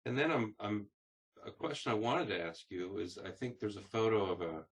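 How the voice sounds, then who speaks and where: A man's voice: fairly low pitch, lively intonation, normal speed, husky. Man asking careful, searching questions. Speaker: interviewer. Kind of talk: oral history interview.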